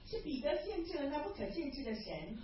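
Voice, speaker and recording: Female sermon interpreter, fast and animated, off-mic in a roomy hall on a lo-fi recording. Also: sits high. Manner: quick, lively rendering of each phrase. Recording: distant, echoey, dull hall sound.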